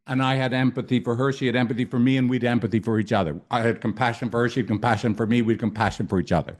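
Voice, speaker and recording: Male couples therapist from Ireland, animated storyteller, emphatic and profane. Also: mid-range voice, very fast, few pauses. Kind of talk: storytelling talk.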